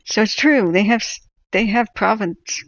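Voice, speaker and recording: A woman's voice: medium pitch, normal speed, a bit bright, muffled recording. A woman from California hosting a wildfire-tracking livestream, chatting casually in a rambling way and laughing as she stumbles over place names.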